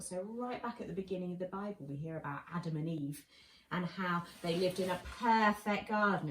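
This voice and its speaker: A woman leading a children's church session, telling a Bible story with lively voices and asking the children questions. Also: fairly low pitch. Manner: animated, asks children questions, acts out lines. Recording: roomy and distant with faint noise.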